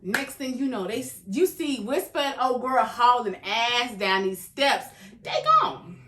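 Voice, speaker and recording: A young adult woman hosting a reaction video, recapping an episode in casual, animated storytelling and acting out the characters' lines. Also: a little high, unhurried. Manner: animated storytelling, acts out characters' lines, calls viewers "baby". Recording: echoey room, faint background noise.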